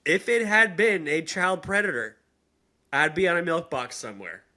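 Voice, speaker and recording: A grown woman recounts a creepy encounter in the woods, as a man reads her story aloud. The voice sits a little high and bright. The delivery is dramatic, and the pitch and pace swing widely. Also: big pitch swings, moderate pace, heavily acted. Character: grown woman retelling a spooky childhood encounter. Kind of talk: reading a listener's story aloud.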